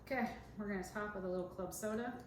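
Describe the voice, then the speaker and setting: A woman's voice: medium pitch, quick pace. A woman co-hosting a podcast, chatting casually and giggling as she mixes a cocktail. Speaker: podcast co-host, dentist. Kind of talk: casual chat while mixing a cocktail. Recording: echoey room with background noise.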